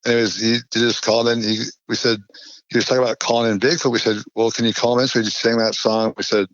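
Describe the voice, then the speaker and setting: A man's voice: medium pitch, flat delivery, quick pace, a bit bright, no room sound. A man from California, a podcast guest, telling a long anecdote in a rambling, filler-heavy way. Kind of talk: casual storytelling chat. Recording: dull lo-fi dry podcast audio.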